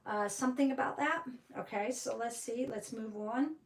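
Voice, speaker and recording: A woman's voice: on the high side, normal speed, recorded from a distance, poor audio. A woman giving a tarot reading, rambling with many fillers and restarts. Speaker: tarot reader.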